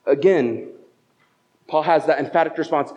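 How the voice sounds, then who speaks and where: A man's voice: a little high, normal speed, dark tone. A male pastor giving a conversational sermon at a church service, telling stories and asking rhetorical questions. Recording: dull, muffled lo-fi sound.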